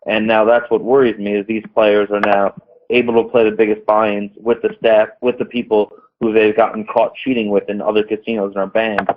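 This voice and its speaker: Male player guest, direct and assertive, lowish voice, thin line. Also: little pitch movement, fairly quick. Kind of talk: casual panel talk. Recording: tinny phone-like line.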